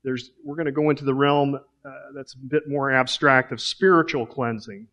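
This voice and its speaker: A man's voice: medium pitch, steady tone, normal speed, fairly bright tone, lo-fi sound. A man preaching a sermon in a conversational way, asking rhetorical questions.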